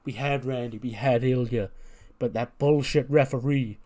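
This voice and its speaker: A man's voice: mid-range voice, steady tone, normal speed, mellow, natural voice. A man doing a griping tough-guy wrestler. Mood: indignant. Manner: indignant, griping. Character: grumbling tough male wrestler.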